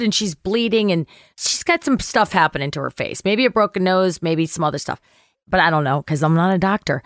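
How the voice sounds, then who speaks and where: A middle-aged actress telling a story as an interview guest, animated, swearing and acting out quotes. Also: female voice, normal speed, clean tone, no room sound, clean studio sound. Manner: animated, acts out quotes with big pitch jumps, swears. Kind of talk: lively anecdote telling.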